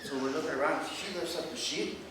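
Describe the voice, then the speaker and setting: A man's voice: a little high, fast, noisy background. An older American man, a retired doctor, telling a story in a stand-up routine at a live venue, with audience laughter behind. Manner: storytelling, animated. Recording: echoey, from a distance.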